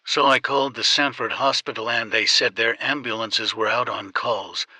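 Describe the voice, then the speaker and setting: A man voicing a shaken father who speaks in a halting, breaking way as he reports bad news in an audiobook. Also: medium pitch, steady tone, sharp tone, no echo. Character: shaken older father, struggling to stay calm.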